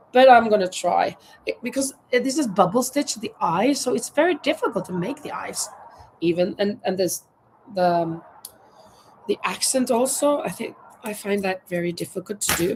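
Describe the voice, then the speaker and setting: A woman from Norway talks casually through a crochet livestream outdoors on her terrace, reading comments aloud and thinking out loud while she works. She has a medium-pitched voice, and the low-quality audio has a slight hiss or hum.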